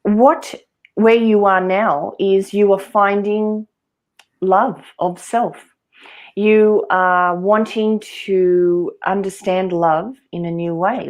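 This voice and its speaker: A woman giving a live tarot reading, offering calm, earnest spiritual guidance. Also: mid-range voice. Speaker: tarot reader.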